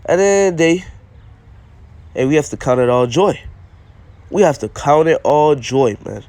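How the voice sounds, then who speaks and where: A man's voice: fairly high pitch, expressive, moderate pace, a little mellow, dry recording. A man giving an informal sermon, reading old-style scripture aloud and explaining it in plain speech, often checking in with "all right?". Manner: repetitive, punctuates with "all right?"; reads scripture in King James English, then explains plainly. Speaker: preacher.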